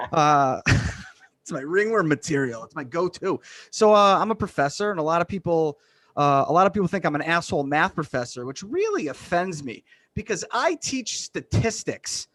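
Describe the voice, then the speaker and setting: A man from Western Massachusetts doing a deadpan, self-deprecating stand-up set over a video call. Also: fairly high pitch, normal speed, no room sound. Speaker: stand-up comedian.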